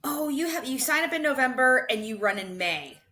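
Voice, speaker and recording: Bright-voiced woman telling a running story. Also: high voice, slight background noise. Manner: animated, quick to laugh, self-correcting restarts. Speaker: podcast guest, ultra runner. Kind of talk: casual storytelling interview.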